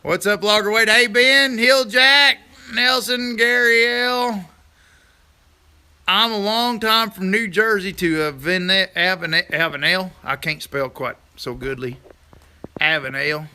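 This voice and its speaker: A man hosting a casual livestream outdoors, reading viewer comments aloud, rambling and teasing with bursts of loud laughter. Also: sits high, slow pace, clean tone. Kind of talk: casual live chat.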